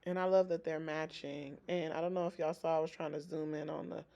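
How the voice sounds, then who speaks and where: A woman's voice: sits low, fairly quick, creaky. A woman talking casually and with a teasing ease while she films her children baking in a home kitchen. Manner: relaxed, chatty, colloquial, teasing with her kids. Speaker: mother and home-schooling parent filming her kids. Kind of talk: casual home vlog chat. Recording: roomy with faint background noise.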